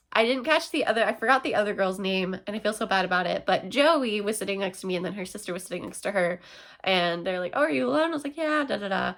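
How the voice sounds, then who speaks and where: A young woman vlogger chatting casually through a storytime, excitable and full of fillers. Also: medium pitch.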